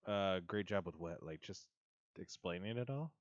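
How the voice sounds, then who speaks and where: A man's voice: deep voice, animated, normal speed, dry recording. Giggly guy streaming minecraft-type game, talks to chat, bouncy voice, kinda muffled dry mic. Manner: giggly, chatty, reads chat aloud. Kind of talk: casual gameplay livestream chat.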